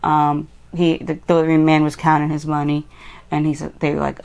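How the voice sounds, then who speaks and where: Low-voiced woman chatting about movies. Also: little pitch movement, a little fast, vocal fry. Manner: chatty, rambling movie recaps. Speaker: podcast co-host. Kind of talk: casual chat.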